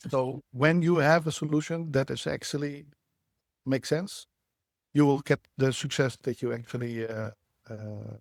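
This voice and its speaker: A man's voice: mid-range voice, steady tone, gravelly, dry recording. Reflective man, dry sound. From Netherlands. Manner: measured, reflective, halting with restarts. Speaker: guest, startup CEO. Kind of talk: podcast interview.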